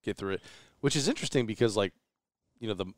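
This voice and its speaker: A man co-hosting a podcast in casual chat, easygoing and halting, with frequent restarts. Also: lowish voice, animated, no room sound.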